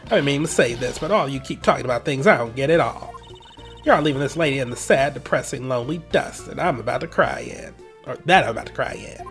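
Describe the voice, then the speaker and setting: A man's voice: mid-range voice, quick pace, fairly bright tone, soft background music, lightly acted. A man voicing a nagging, lovestruck old woman who talks dramatically while reading game dialogue. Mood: gushing. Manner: whiny, gushing, dramatic.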